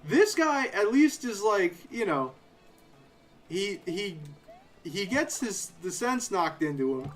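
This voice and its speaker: A young man casually commenting on a live game playthrough, shifting from quiet narration into animated, sarcastic rants. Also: sits high, takes it slowly, soft background music. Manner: ranting, sarcastic, animated asides. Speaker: game streamer.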